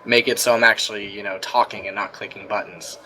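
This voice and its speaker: Excitable man hosting a gaming roundtable. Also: on the low side, fast talker, low-quality recording. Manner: enthusiastic, excitable. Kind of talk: casual gaming roundtable chat.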